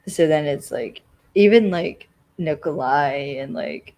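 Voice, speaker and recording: A podcast co-host casually recapping a TV episode, rambling and filling every pause with "like.". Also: mid-range voice, lively intonation, darkish tone, poor audio. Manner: rambling, constantly says "like".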